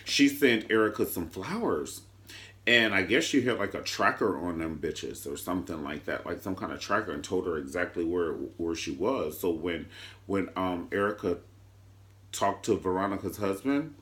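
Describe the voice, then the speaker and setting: A man reviewing a TV drama in a casual vlog, sassy and flamboyant, leaping up and down in pitch for emphasis. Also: expressive, moderate pace, fairly bright tone. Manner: leaps between high and low pitch for emphasis. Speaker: TV show reviewer.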